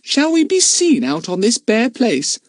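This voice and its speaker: A man voicing a bossy, squeamish young girl who talks in a shrill, scornful way. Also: huge pitch swings, unhurried, dry recording, studio quality, full character voice. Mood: wary.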